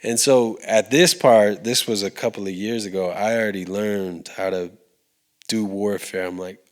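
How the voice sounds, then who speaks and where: Male podcast guest, slightly low voice, earnest conversational testimony, halting and sincere. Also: steady tone. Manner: heartfelt, with frequent restarts and fillers. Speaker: podcast guest, recording artist.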